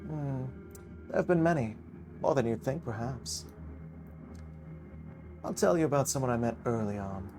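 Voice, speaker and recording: Pompous game gent, grand and wistful, voiced by a man, middling pitch. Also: expressive, music in the background, close to an everyday voice. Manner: pompous, drawn-out delivery. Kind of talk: reading a visual novel aloud.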